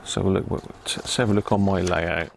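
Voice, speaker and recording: His deep, creaky voice holds a fairly even intonation at a moderate pace, with a little hiss or hum in the background. He's a middle-aged Devon man livestreaming a radio repair, muttering readings and thinking aloud as he chats with viewers.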